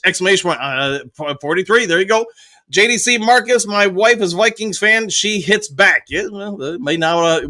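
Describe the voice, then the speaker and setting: A man hosts a casual live stream and reads viewer comments aloud, answering each one in turn. His voice sits high for a man and sounds bright and forceful. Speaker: livestream host reading chat. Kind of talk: casual live chat reading.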